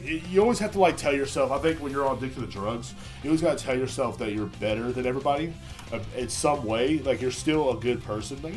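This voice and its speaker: A man hosting a casual solo podcast, rambling, swearing often and turning sarcastic. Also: medium pitch. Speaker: podcast host.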